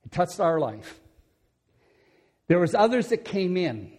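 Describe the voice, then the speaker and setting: Older man, slightly high voice, folksy church testimony, rambling, chuckling, headset mic. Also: big pitch swings, measured pace, a little mellow. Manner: homespun, rambling, chuckles often, restarts words. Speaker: church speaker giving testimony.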